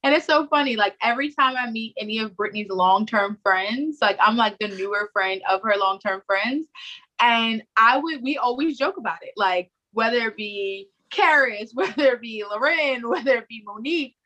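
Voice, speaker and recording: Podcast co-host, woman, thirties, high bright voice, animated and playful storyteller. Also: moderate pace, poor audio. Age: 30s. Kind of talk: casual conversational chat.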